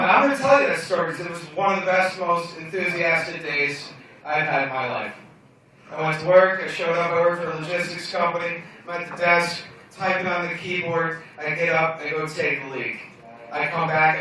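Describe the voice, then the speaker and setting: A man's voice: a little high, pushed and bright, a little hiss or hum. A young man doing a stand-up comedy set in a bar lounge, telling stories in a brash, profane, self-mocking way. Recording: echoey bar room from far off.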